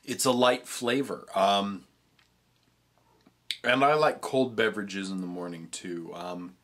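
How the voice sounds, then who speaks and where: A man's voice: lowish voice, slow pace, fairly bright tone. A young man chatting casually in a food review vlog, rambling with frequent restarts and stumbles. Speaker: vlogger tasting treats.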